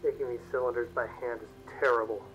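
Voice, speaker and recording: Brisk mercenary quartermaster. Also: male voice, medium pitch, level tone, a bit bright, breathy edge, muffled recording, soft background music. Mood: matter-of-fact. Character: gruff male mercenary quartermaster, businesslike.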